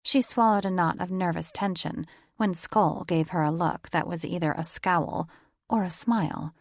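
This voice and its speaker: A woman narrating a romance audiobook with a gravelly, fry-edged voice pitched a little low. Her delivery is measured and even. The sound is close and dry. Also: no echo. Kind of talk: scripted narration.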